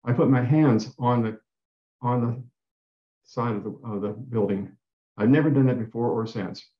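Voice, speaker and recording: A man's voice: medium pitch, normal speed. A man giving a talk and telling a personal story in an earnest way. He often repeats himself and restarts his phrases. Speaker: guest speaker. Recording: dull roomy talk recording.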